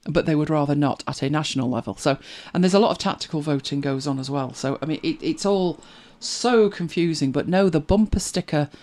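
A middle-aged English speaker chatting in an easy, reflective way, breaking into small laughs and side comments. The voice sits at a middling pitch and keeps a conversational flow. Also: fairly quick, few pauses, a little mellow. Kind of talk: casual chat.

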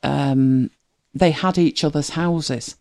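Streamer, softened northern English accent, casual reaction chat, muses aloud, laughs often, mid pitch. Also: takes it slowly, gravelly. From northern England.

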